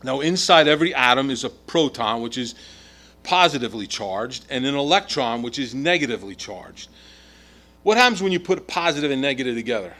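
A man's voice: mid-range voice, expressive, brisk, pushed and bright. A middle-aged man preaching a sermon in an emphatic way, his volume rising and falling. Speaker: pastor.

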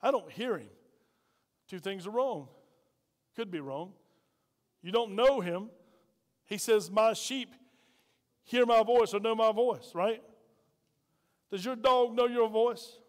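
A man's voice: high voice, slow pace, long pauses. Man, pastor, sermon, folksy call-and-response, reverberant church hall.

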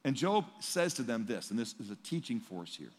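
A male pastor preaching a sermon in a conversational, emphatic way, swinging between loud and hushed. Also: medium pitch, big pitch swings, brisk. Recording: long reverb in a large hall.

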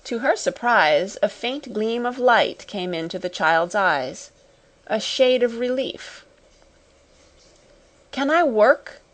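A woman narrating a classic storybook audiobook in a measured, even manner. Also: medium pitch.

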